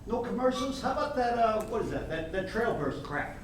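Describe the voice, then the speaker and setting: A man performing a brash Hollywood agent, pitched high and full of wisecracking salesman patter. Heard in a live stage play, picked up from far off across a very echoey theater with faint hiss. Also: very animated, a little fast. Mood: pushy. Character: brash fast-talking male Hollywood agent. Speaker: stage actor.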